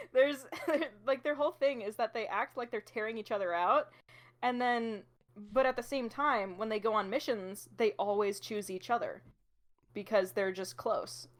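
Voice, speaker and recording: Slow-talking woman game developer. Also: on the high side. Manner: laughs often, warm and agreeing. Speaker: indie game developer and writer. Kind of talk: casual interview chat.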